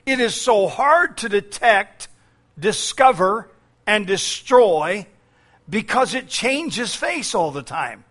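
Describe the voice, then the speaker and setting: A man's voice: high voice, sing-song, takes it slowly, a bit bright. A man preaching a sermon as pastor, with frequent fillers and key phrases repeated.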